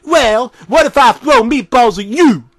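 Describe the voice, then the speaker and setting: A man's voice: very high-pitched, animated, a little slow, fairly bright tone, no echo, studio quality, voice pushed up, heavily acted. A man voicing a furious male skeleton who screams foul-mouthed insults at a viewer during a comedic horror story reading. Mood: furious yelling.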